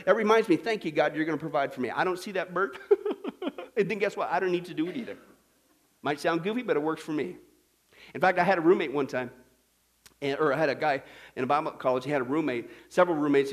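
A male pastor preaches with lively energy, breaking into playful put-on voices to make his point. His voice sits high for a man. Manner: animated, acts out voices and jokes. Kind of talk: sermon.

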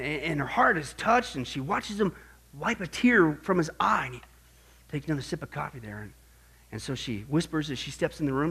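A man preaching a sermon to his congregation, animated and joking, firing off rhetorical questions. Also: fairly high pitch, slightly rough. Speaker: pastor.

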